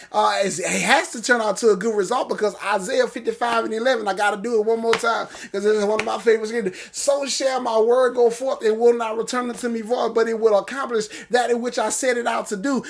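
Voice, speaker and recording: A man hosting a casual morning livestream, greeting viewers and breaking into animated preaching. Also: sits high. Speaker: livestream host.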